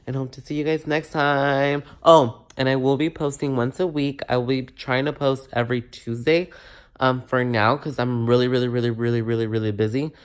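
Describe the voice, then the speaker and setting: Young male vlogger, mid-pitched voice, animated and profane storytelling, slips in Spanish words. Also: moderate pace, smooth. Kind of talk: casual storytime to camera.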